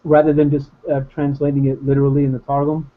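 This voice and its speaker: A man's voice: medium pitch, completely flat delivery, fast, phone-quality sound. A man in a casual Bible study discussion on a video call, rambling and hesitant but good-humored.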